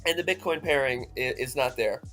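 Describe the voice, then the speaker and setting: A man's voice: mid-range voice, a little fast, fairly bright tone, faint music behind. A man co-hosting, walking through chart analysis methodically in a casual tone. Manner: methodical, technical when reading charts. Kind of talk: casual chat and chart commentary.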